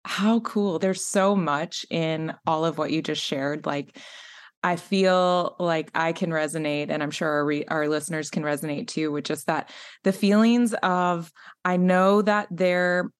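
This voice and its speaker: Woman podcast host, lowish voice, reflective and affirming, casual. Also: unhurried, smooth. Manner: reflective, affirming, soft backchannels. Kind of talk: casual interview chat.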